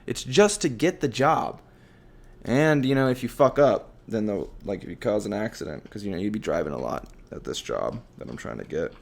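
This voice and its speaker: A man hosting a casual podcast, ranting in a profane, animated way and laughing often. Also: fairly low pitch, normal speed, gravelly. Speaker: podcast host. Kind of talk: casual solo rant.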